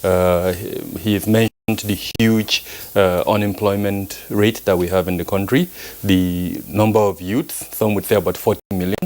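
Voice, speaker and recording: A man speaking as a security analyst guest on a live news panel, measured and hesitant, with many fillers and restarts. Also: low-pitched, fairly even intonation, a little mellow, low-quality recording. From Nigeria.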